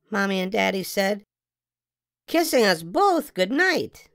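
A woman reading a children's picture book aloud in a gentle, expressive storytelling manner. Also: medium pitch, slow, gravelly, no echo, studio quality. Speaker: storybook reader.

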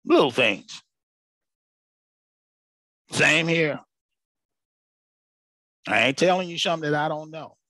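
A man's voice: a little high, lively intonation, slow pace, pauses often, bright, forceful tone, no echo. A man preaching an informal sermon broadcast, colloquial and emphatic, repeating his phrases for weight.

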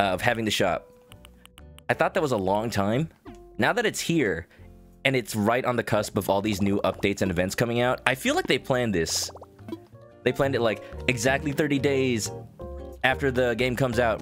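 Man streaming a game, casual and chatty, lively up-and-down voice, faint game music behind. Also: mid-range voice. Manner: chatty, laughs often, greets chat. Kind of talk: casual gaming livestream chat.

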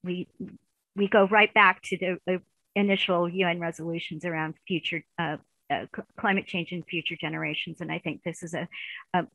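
Hesitant woman lecturer, low voice. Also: steady tone, a little fast, vocal fry, bright, forceful tone, dry recording, poor audio. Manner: hesitant, many fillers and restarts. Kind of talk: recorded university lecture.

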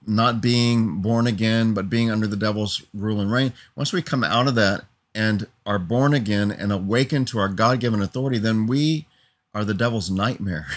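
A man preaching an earnest teaching sermon, building emphatic lists and often asking "Amen?" for assent. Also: lowish voice.

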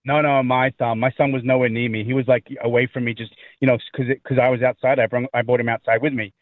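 A man's voice: mid-range voice, little pitch movement, fast talker, dry recording. A man calling in to a radio show, telling a story in a rambling way and repeating himself. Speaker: caller. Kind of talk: phone-in story. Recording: tinny phone line.

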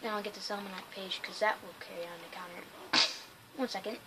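A woman giving excitable, chatty, jokey let's play commentary over a game. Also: mid-range voice, normal speed, heavy background noise. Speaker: gamer.

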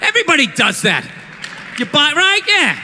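A male stand-up comedian in a profane, ranting routine that bursts into shouting, performing on stage. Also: extremely high pitch, wildly swooping pitch, moderate pace. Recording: live venue with long reverb and crowd noise.

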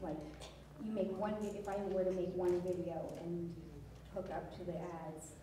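A woman's voice: on the low side, steady tone, moderate pace, background noise. A woman in the audience asking a question hesitantly, restarting as she goes. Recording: distant voice in a roomy hall.

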